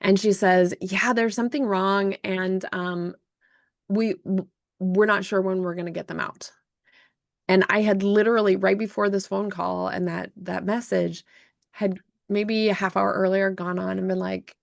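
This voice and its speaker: Gravelly-voiced woman telling an animated story. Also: medium pitch, moderate pace, no echo, clean studio sound. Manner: animated, emotional storytelling with many restarts. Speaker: podcast host and self-published author. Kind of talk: casual storytelling chat.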